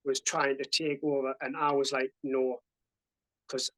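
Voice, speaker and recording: A man's voice: medium pitch, level tone, moderate pace, bright, forceful tone, rough recording. A man, talking as a podcast guest. He tells his story in plain casual speech, swears freely and acts out other people's words in a raised voice. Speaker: podcast guest, army veteran.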